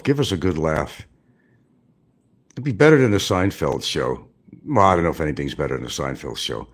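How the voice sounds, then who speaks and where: Speaking at normal speed but pausing often, a man with an extremely low voice and big pitch swings hosts a stream from an indoor room. He casually and sarcastically taunts the person he's talking about, calling him "son."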